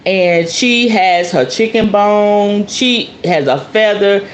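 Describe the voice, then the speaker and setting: Slow, chatty woman host. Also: medium pitch. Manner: chatty, addresses viewers as y'all. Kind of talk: casual show-and-tell talk to viewers. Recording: roomy with faint background noise.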